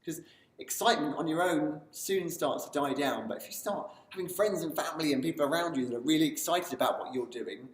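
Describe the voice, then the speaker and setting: A man's voice: a little high, brisk. A man giving an enthusiastic motivational talk to camera in a video series. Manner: enthusiastic, building excitement as he talks. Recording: roomy sound from a distance.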